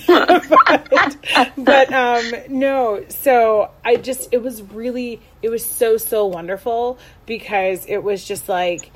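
High-voiced woman gushing in casual chat. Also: slow pace. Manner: gushing, laughs often, many "like" fillers. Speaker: podcast co-host.

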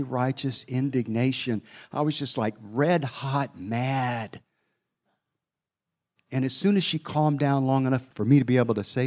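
A man's voice: medium pitch, darkish tone. A middle-aged man preaching a sermon, telling a personal story in a folksy way, with asides to his listeners.

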